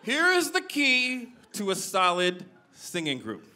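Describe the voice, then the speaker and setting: On a club stage, a man performs a slow stand-up comedy set. He's animated, swinging between loud punchlines and low asides.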